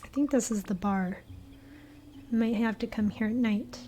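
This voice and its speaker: A woman's voice: fairly high pitch, a little slow, slight background noise. A woman streamer commenting casually as she plays through a game. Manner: relaxed, wondering aloud.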